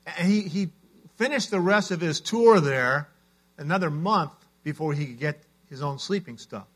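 Man, pastor, earnest storytelling sermon, slightly raised pitch. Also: moderate pace, a bit bright.

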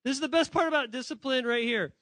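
This quick-paced, animated sermon for kids comes from a pastor whose male voice sits notably high. Talking to children and students, he jokes around, calls out to them directly, and often fixes his own wording partway through a sentence. There's no reverb; the sound is dry and intimate.

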